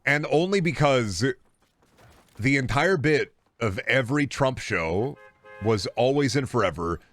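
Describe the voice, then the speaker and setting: A man's voice: fairly low pitch, animated, measured pace, fairly bright tone, no echo. A young man streaming a game, rambling and joking with profanity in casual chat.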